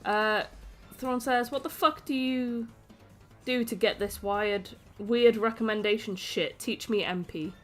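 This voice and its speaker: Woman reading stream chat out loud, dry little jokes, bit of music under it. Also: on the high side, measured pace. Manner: dry, joking asides. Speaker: stream co-host. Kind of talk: reading chat messages aloud.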